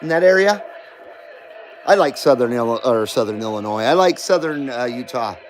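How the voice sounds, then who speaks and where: A man's voice: medium pitch, lively intonation, normal speed, slight background noise, low-quality recording. A middle-aged man hosting a casual live stream, reading viewer comments aloud and bantering back, swearing freely. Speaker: livestream host.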